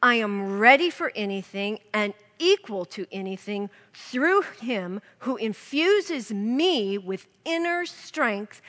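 A woman's voice: a little high, a bit bright, big-room sound. A woman giving an earnest devotional Bible teaching, reading scripture aloud to her listeners.

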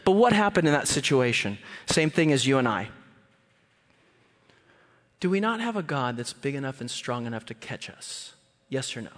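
A man preaching a sermon in a church, telling stories animatedly and jumping into high voices to act out scenes. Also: normal speed, pauses often, long reverb tail. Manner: animated, jumps into high squeals when acting out scenes. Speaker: guest preacher. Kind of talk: sermon with storytelling.

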